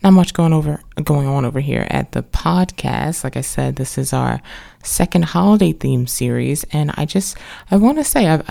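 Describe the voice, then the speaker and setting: Chatty woman with a gravelly fry. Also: sits low, dark tone. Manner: chatty and rambling, with many restarts and wry asides. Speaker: podcast host reviewing books. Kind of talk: casual spoken book review.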